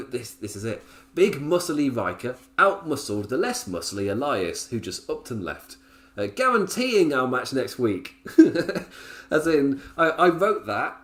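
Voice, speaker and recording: A man hosting a casual wrestling review podcast, chatty and self-amused, laughing often between points. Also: mid-range voice. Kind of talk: casual solo show review.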